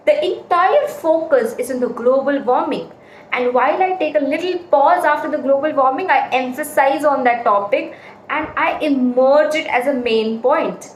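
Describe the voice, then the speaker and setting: A woman teaches public speaking in a casual, emphatic way, driving home each point with repeated examples. Her voice sits high. The recording is roomy, with a faint hum of ambient noise behind her. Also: measured pace. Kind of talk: casual spoken lesson.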